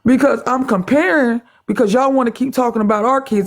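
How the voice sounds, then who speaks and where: A man with a rather high voice argues on a phone live stream. He is defiant and sarcastic, hammering the same point again and again. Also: brisk, hardly any pauses. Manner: defiant, sarcastic, repeats himself. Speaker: livestream guest. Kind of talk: heated live-stream argument.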